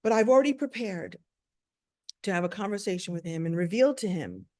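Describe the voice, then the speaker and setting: A woman's voice: medium pitch, lively intonation, brisk, a little mellow. A woman from the United States, a speaker and coach, telling a story in a playful, self-mocking way and acting out voices. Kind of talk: storytelling talk.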